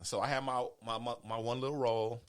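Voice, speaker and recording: A man hosting a podcast, telling a story in casual chat and acting out the quotes with lively pitch jumps. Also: fairly quick, smooth. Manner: animated, acts out quotes with rising pitch. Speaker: podcast host.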